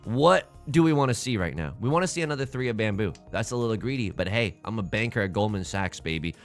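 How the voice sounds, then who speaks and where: Faint music sits behind a man whose lowish voice moves with lively intonation at a quick pace. Hosting a let's play of a tile game, he offers casual, self-deprecating remarks, restarts sentences often, hams up his despair, and says he's short on sleep and tired.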